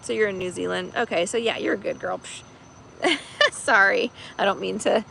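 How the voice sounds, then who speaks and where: A woman's voice: medium pitch, normal speed, vocal fry, sharp tone, a little hiss or hum, poor audio. A woman chatting casually on a livestream as a tarot reader host, rambling with many fillers and laughing easily. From United States.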